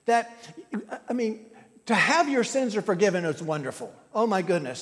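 High-voiced preacher in a reverberant hall. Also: male voice, very animated, normal speed, fairly bright tone. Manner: teaching, emphatic with repetition. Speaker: pastor. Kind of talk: sermon.

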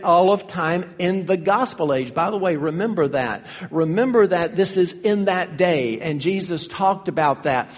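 Man preaching in an echoing hall. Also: high voice. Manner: earnest teaching, emphatic with stressed words. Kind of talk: verse-by-verse sermon. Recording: long reverb of a hall.

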